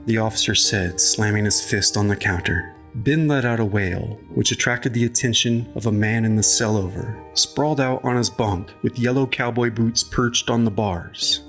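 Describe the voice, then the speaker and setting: A man narrating an audiobook chapter in a measured, even storytelling manner. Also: on the low side, faint music behind.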